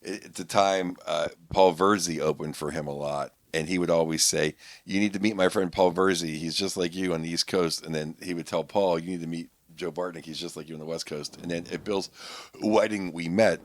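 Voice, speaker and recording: A man's voice: sits low, steady tone, a little fast, dry recording. A middle-aged man from Pittsburgh, a comedian guest telling stories in casual podcast chat, rambling with many restarts.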